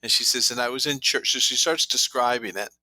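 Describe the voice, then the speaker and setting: A man's voice: medium pitch, fairly quick, pushed and bright, no echo, rough recording. A man guest on an interview show, an author who tells anecdotes full of quoted dialogue. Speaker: guest, trauma therapy author. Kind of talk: storytelling interview talk.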